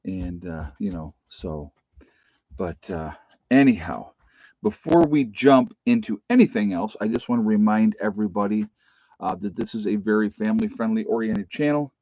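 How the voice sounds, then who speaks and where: Middle-aged male streamer, low voice, folksy and rambling, dry dull home audio. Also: animated, normal speed, a little mellow, dry recording. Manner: rambling, folksy, many fillers. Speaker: livestream host. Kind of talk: casual live-stream chat. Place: rural home.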